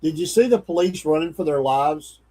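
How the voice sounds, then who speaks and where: A man's voice: on the high side, animated, moderate pace, dark tone. A man co-hosting a casual morning show, blunt and plain-spoken. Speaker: co-host.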